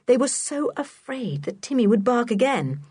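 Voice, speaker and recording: Woman reading a kids storybook aloud, lively pitch, breathy, dry close sound. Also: normal speed, no room sound. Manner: expressive, clear reading. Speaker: audiobook narrator. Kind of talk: storybook narration.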